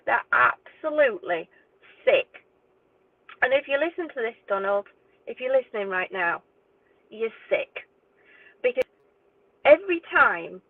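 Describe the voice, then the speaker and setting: A woman's voice: fairly high pitch, dry recording. Indignant woman, tinny phone-like sound. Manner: indignant, swearing, exasperated. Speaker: true crime YouTuber. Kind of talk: angry direct-to-camera rant. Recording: tinny phone-like dry audio.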